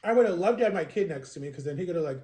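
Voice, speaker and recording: A man's voice: on the high side, lively intonation, very fast, mellow. A young man telling a rambling personal story in casual vlog chat, acting out other people's lines in a raised voice. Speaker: vlogger. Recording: roomy echo.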